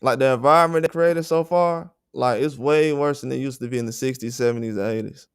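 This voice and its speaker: A man's voice: mid-range voice, a little fast, clear, resonant tone, dry recording, clean studio sound. Blunt, profane man ranting on a livestream. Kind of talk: heated livestream rant.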